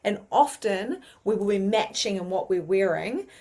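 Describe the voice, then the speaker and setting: A woman's voice: medium pitch, normal speed. Chatty New Zealand woman teaching. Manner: chatty, animated, many fillers. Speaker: mediumship teacher. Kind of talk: casual teaching monologue.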